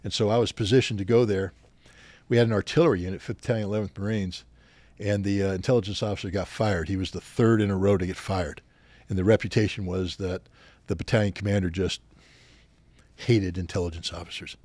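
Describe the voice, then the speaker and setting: A man's voice: deep voice, fairly even intonation, a little fast, darkish tone, dry recording. A man in his sixties, a podcast guest, telling anecdotes with animation and acting out the officers he quotes. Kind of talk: storytelling in a podcast interview.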